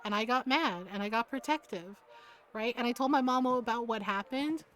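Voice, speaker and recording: Fairly high-pitched and moderately paced, a woman streaming to her viewers tells a lively story, laughing a lot and constantly asking "right?" as she goes.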